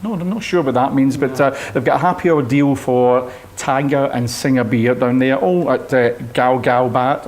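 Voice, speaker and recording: A man's voice: medium pitch, darkish tone. A man co-hosting a listings show, chatting in a light-hearted, playful way. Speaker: co-host. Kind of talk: casual chat.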